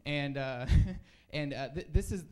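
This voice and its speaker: A man's voice: mid-range voice, takes it slowly, clean tone. A man doing a rambling, self-deprecating stand-up comedy set on a comedy club stage, full of fillers and restarts.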